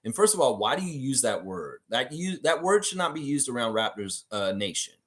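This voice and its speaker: Hosting a fan channel's live sports stream, a blunt man rants about his team, reading out viewer comments and firing back strong opinions into a desk mic. His voice is sing-song, a bit bright and fairly quick, with wide pitch swings.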